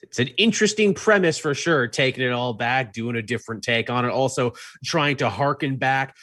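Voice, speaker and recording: A man's voice: mid-range voice, moderate pace, a bit bright, no echo, clean studio sound. A man co-hosting a casual comics podcast, wry and joking. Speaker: podcast co-host. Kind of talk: casual chat about comics.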